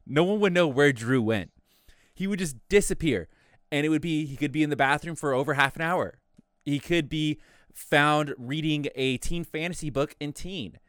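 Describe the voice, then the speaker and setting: A man's voice: on the high side, moderate pace, fairly bright tone, clean tone, dry recording, studio quality. A young man chatting casually on a podcast, telling a long workplace story and acting out his coworkers as he goes. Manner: rambling storyteller, acts out quoted coworkers. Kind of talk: casual chat.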